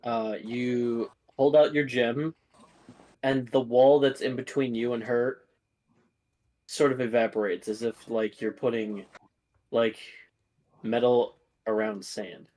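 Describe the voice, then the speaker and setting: A man's voice: medium pitch, fairly even intonation, takes it slowly, pauses often, darkish tone, poor audio. A man as dungeon master, narrating a tabletop game in a loose, filler-heavy way.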